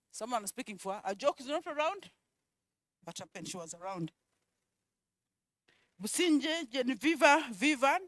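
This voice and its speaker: A woman presenting at a conference, calling out attendees' names one by one and repeating each, with quiet asides in between. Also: high-pitched, dry recording. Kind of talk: roll call at a conference.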